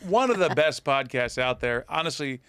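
A man's voice: mid-range voice, expressive, moderate pace, a bit bright, smooth, no echo. Man hosting with many ums. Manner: hesitant, many fillers, laughs easily. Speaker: podcast host. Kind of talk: casual chat.

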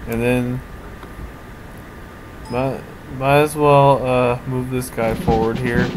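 A man's voice: medium pitch, little pitch movement, takes it slowly. A man giving casual commentary while playing a strategy game, thinking aloud, often trailing off and restarting his sentences. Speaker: let's play commentator. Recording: audible background noise.

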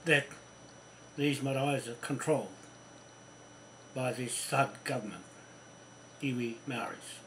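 A man's voice: a little high, bright, forceful tone, slight background noise, rough recording. Furious swearing New man. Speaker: vlogger. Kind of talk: angry ranting monologue.

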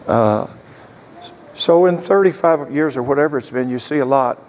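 A man's voice: medium pitch, a little mellow. An older man in his sixties, a pastor preaching a sermon as an earnest storyteller. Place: church sanctuary. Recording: echoey church hall.

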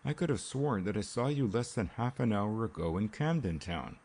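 A man reading the lines of an earnest, insistent older gentleman who hoards knowledge. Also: fairly low pitch, lively intonation, normal speed, breathy edge.

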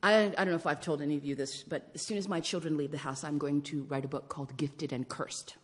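A woman in her forties telling personal stories in a sermon, swinging between hushed whispers and loud exclamations. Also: low-pitched, steady tone, quick pace, big-room sound. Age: 40s. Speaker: guest preacher and storyteller. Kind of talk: storytelling sermon. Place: church sanctuary.

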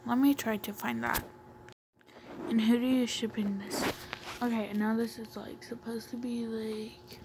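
A woman's voice: fairly high pitch, flat delivery, a little slow, background noise. A woman talking casually as a new YouTuber, rambling with many fillers and often half-whispering. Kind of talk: casual comic-reading vlog.

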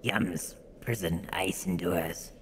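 A deep, ancient ice spirit speaks in a slow, grave, drawn-out voice, as a man puts it on while playing a game. The tone is ominous and solemn, pitched well below an ordinary man's talk, with a faint hiss of noise underneath. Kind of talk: gameplay dialogue read in a put-on voice.

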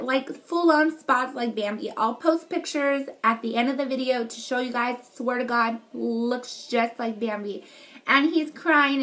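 Young woman vlogger, slightly high voice, excitable, rambling casual storytelling. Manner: chatty, excitable, lots of fillers and swearing. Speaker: beauty vlogger.

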